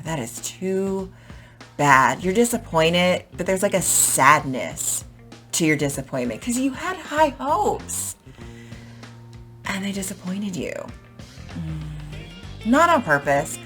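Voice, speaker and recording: A woman's voice: on the low side, big pitch swings, slow pace, a bit bright, faint music behind. A woman teaching English vocabulary in a chatty, explanatory way, with everyday examples and fillers. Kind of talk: casual explanatory lesson.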